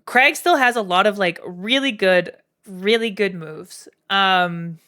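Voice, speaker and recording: Slow-talking Canadian woman streamer. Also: medium pitch, bright, forceful tone. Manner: frank, profane, many fillers and asides to chat. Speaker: streamer ranking game characters. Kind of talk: casual live-stream commentary.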